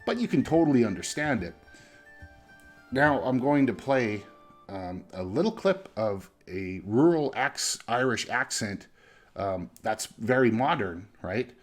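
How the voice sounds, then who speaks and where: Over faint music, a male film reviewer with a medium-pitched voice and lively intonation takes his time. His tone is relaxed and chatty, and he keeps tagging lines with "right?" or "you know" to engage the listener.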